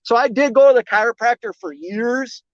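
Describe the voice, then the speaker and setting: A man's voice: very high-pitched, fairly quick, no echo. A man who drives trucks, chatting casually on a live stream and reading out viewer comments in a rambling, self-deprecating way. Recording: dull lo-fi, dry close sound.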